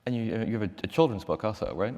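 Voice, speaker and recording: A man interviewing onstage, hesitant and filling pauses with ums and uhs. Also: lowish voice, darkish tone. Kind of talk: onstage conversation. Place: large auditorium. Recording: long hall reverb.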